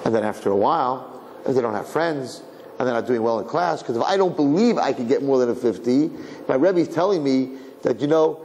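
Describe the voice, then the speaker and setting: A man, a rabbi, giving a conversational sermon as an animated storyteller who acts out voices. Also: mid-range voice, brisk. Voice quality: gravelly. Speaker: rabbi lecturing. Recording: reverberant hall, faint background noise.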